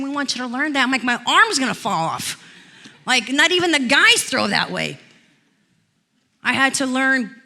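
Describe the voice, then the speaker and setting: A woman pastor preaching a sermon in church, telling stories and rising into loud declarations. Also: a little high. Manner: storytelling, swells to loud declarations.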